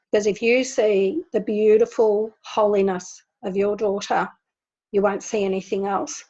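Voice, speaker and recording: A woman giving a gentle spiritual talk to an online group, repeating words for emphasis. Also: mid-range voice, steady tone, measured pace. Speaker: spiritual teacher. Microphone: video call. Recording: dull lo-fi video call audio.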